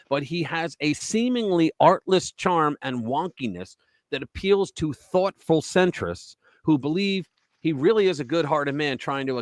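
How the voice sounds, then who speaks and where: Slightly high-pitched and recorded dry, this male host runs a live political commentary stream in a casual tone. His delivery is animated and full of sarcasm, with mocking voices and snide asides.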